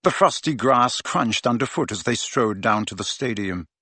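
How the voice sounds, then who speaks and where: A man's voice: mid-range voice, animated, moderate pace, bright, forceful tone, no room sound. A man reading a novel aloud as a narrator, telling the story expressively. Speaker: audiobook narrator. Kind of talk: scripted narration.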